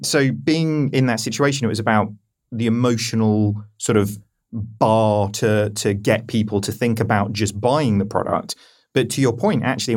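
A man's voice: lowish voice, darkish tone. Chatty man hosting a podcast. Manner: chatty, quick, jokey asides. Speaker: host, interviewer. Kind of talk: casual podcast chat.

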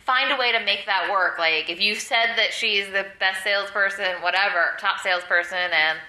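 A woman's voice: mid-range voice, normal speed, pushed and bright. A woman co-hosting a casual TV podcast, rambling with lots of "like". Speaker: podcast co-host. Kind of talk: casual chat. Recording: roomy echo.

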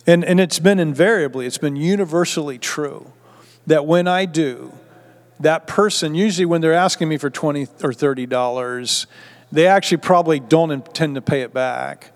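A man's voice: a little high, moderate pace. A man preaching a conversational sermon as pastor, often repeating words as he restarts a thought.

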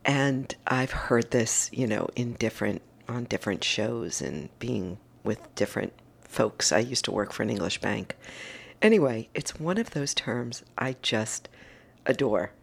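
A woman's voice: a bass voice, animated, measured pace, vocal fry, breathy edge. A middle-aged woman hosting a morning message, chatting in a casual, enthusiastic, motivational way. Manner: chatty and enthusiastic, gushing over favourite things. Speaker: host of a daily morning message.

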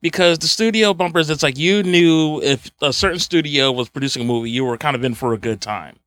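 Man, co-host, casual chat, bright voice, slightly high, lively and emphatic. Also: brisk, no echo. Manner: lively, laughs easily, emphatic. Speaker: podcast co-host.

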